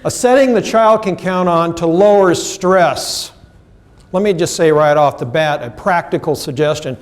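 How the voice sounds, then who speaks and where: An emphatic, middle-aged man presents at a seminar, his voice sitting a little high for a man. He throws questions out to the room and slips into the voices of the people he quotes. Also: normal speed. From United States. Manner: emphatic, asks the audience questions, acts out quotes. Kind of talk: professional development lecture. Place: seminar room with live audience.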